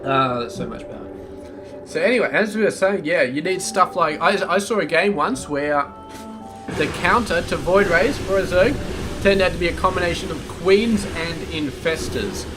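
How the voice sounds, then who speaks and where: A man's voice: high voice, moderate pace, over music. A man casting a strategy game match solo, in a casual, chatty way with rambling asides. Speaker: game caster. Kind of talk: solo esports commentary.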